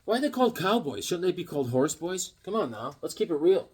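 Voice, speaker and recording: A man showing off his comic books in a casual vlog, animated and joking, with corny puns and sudden yelps. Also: sits high, quick pace, husky. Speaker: comic book vlogger. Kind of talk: casual show-and-tell chat.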